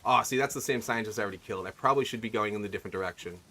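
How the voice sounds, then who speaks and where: Talking very fast in a lowish, bright, forceful voice, a male streamer offers casual commentary on the video game he's playing. He rambles and keeps asking his viewers questions.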